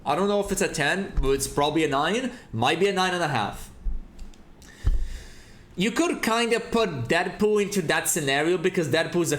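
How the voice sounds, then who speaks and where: A man's voice: a little high, reverberant, a little hiss or hum. A man streaming a game and chatting casually, ranting with lots of swearing. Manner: profane, animated ranting. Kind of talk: casual chat while gaming.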